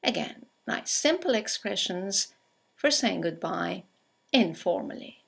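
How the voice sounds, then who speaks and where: A woman narrating a scripted English conversation lesson, reading example greetings aloud with slow, clear delivery. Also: mid-range voice, animated, a bit bright. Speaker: English teacher.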